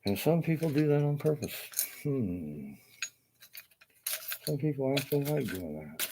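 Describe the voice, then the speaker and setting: With a medium-pitched, sing-song voice at a measured pace, a carpenter rants casually to camera over background noise. The talk is profane, bitter and rambling, full of loose restarts and asides.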